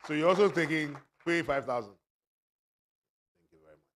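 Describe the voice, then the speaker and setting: At a book launch in an event hall, an auctioneer with a fairly high, bright voice talks a little fast as he works the room. He jokes with and teases the people who come forward to buy, and his lively fundraising banter is full of playful asides and bursts of laughter.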